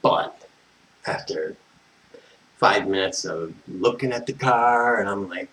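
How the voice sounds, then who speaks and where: A man's voice: fairly low pitch, moderate pace, a bit bright, slight background noise, low-quality recording. An American man telling a personal story as a vlogger, exasperated and swearing constantly, wandering off on tangents. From United States. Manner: profane, exasperated, tangent-prone.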